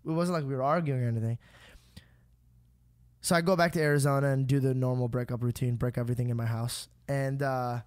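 A man's voice: mid-range voice, clean tone, no echo, clean studio sound. A young man, a podcast host, telling a long personal story in casual chat, swearing freely and acting out what people said. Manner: animated, swears freely, acts out quotes.

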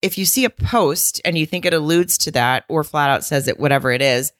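A woman with a low voice co-hosts a chatty podcast recap. She talks emphatically, exclaims, and swears freely. The sound is dry and close. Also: a little fast, dry recording. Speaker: podcast co-host. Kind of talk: casual recap chat.

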